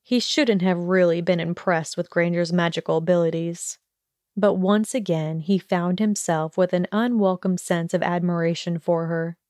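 A woman with a voice on the low side narrates a fan-fiction audiobook in scripted narration. Her storytelling manner is slow and even, and the dry recording has clean studio sound.

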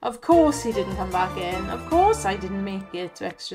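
A woman, chatty and excitable, giving casual commentary to viewers over slot play and laughing often. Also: medium pitch, normal speed, hardly any pauses. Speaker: slot gaming channel host. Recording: music loud behind voice.

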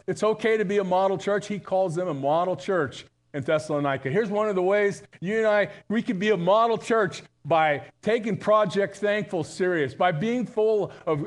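Male pastor, live sermon, slightly high voice, chatty and funny with loud emphatic peaks. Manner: conversational and humorous, with emphatic high bursts. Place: church sanctuary.

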